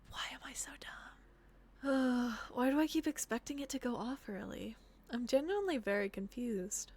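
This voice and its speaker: Slow-talking young woman streaming a game. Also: on the high side. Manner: talks to herself while playing, drops to whispers when sneaking. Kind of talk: casual gameplay commentary.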